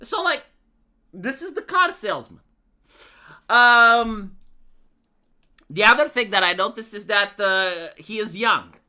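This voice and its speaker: Man streaming, rambling sarcastic rant with a very bright voice. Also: high-pitched, lively intonation, slow, pauses often. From Romania. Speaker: live streamer. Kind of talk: political rant.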